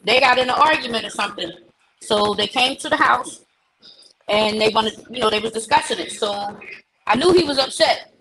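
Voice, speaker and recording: A woman hosting a live chat, telling an animated story and acting out the dialogue. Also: fairly high pitch, moderate pace, slight background noise, rough recording. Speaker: host.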